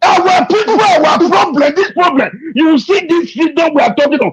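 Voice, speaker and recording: A man giving an emotional, impassioned political rant, repeating himself and shouting in anger. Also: very high voice, normal speed, few pauses. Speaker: activist speaking to an interviewer. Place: abroad. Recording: dull lo-fi recording.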